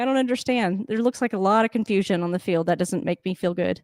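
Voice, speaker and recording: Excitable swearing woman reacting to football. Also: mid-range voice, fast, dry recording, clean studio sound. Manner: excitable, swearing, laughing, talks to the coach. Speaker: sports reaction host. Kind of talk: casual live game commentary.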